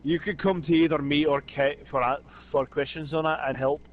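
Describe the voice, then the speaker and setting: A man's voice: fairly high pitch, steady tone, moderate pace, narrow, tinny audio. A man with a Scottish accent, bantering in mock-tough fashion while helping on a game stream. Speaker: fellow player, streamer's boyfriend. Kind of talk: casual gaming chat over voice call.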